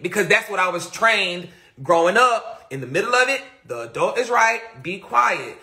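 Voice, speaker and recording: Using his phone's mic indoors, a young man hosts a live stream in a high, expressive voice with a bright, forceful tone and moderate pace. His talk is casual and rambling, reflective and self-questioning, often tapering into mutters.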